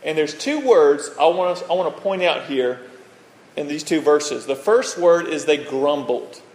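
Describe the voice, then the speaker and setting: A man preaching a sermon as pastor, telling stories in a conversational way and often checking in with a quick "right?". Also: a little high, animated, a little mellow. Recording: echoey hall with long reverb.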